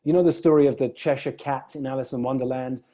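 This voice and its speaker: A man's voice: medium pitch, fairly even intonation, fast talker, dark tone. A man coaching a client one-on-one, reflecting her words back and telling stories to make a point.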